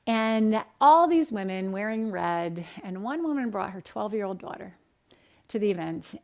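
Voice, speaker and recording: A middle-aged woman dietitian from the United States, giving an upbeat, animated talk in her home kitchen and acting out the people in her stories. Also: mid-range voice. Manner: upbeat, animated, acts out quoted dialogue. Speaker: dietitian and speaker. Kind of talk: direct-to-camera talk with storytelling.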